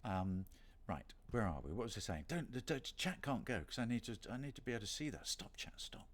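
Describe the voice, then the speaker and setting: A man's voice: medium pitch, sing-song, fairly quick. A middle-aged man from Britain chatting casually on a livestream signing session, rambling and self-deprecating with playful asides. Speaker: voice actor hosting a signing stream.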